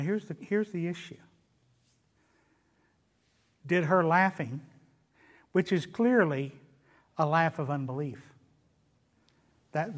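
A man with a Southern US accent preaching a sermon in church, animated, swinging between loud emphatic lines and quiet ones. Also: on the high side. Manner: animated, rises and drops in loudness, quotes scripture in character. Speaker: pastor.

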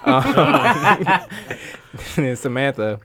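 Man, giggly casual chat, bright forceful tone, very lively pitch, faint noise and clicks. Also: very slow. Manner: giggly, reads messages aloud. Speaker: podcast co-host.

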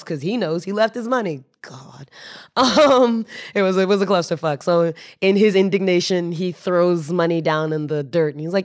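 A woman telling a story as a podcast guest, animated, laughing and restarting her sentences. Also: fairly low pitch, normal speed. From United States. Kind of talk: casual storytelling.

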